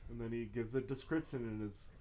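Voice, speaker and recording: A man's voice: mid-range voice, a little fast, dark tone, slight background noise. A young man co-hosting a podcast in casual chat, laughing often and swearing freely. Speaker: podcast co-host.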